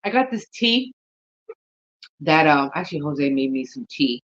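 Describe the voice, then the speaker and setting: A woman's voice: low-pitched, sing-song, unhurried, lo-fi sound. A woman chatting casually in a gardening vlog, rambling and talking to herself, tired and yawning. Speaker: gardening vlogger.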